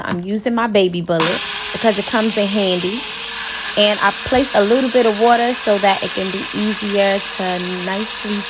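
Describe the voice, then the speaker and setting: A young woman with a medium-pitched voice chats through a casual cooking tutorial in her home kitchen, addressing her viewers directly as "y'all." This home cook vlogger is heard over heavy background noise.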